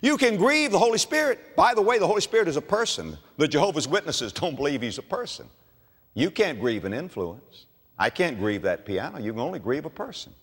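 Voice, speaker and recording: Older preacher with dramatic swings. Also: male voice, fairly high pitch, big pitch swings, brisk, husky, big-room sound. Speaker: pastor. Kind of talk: sermon. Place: church sanctuary.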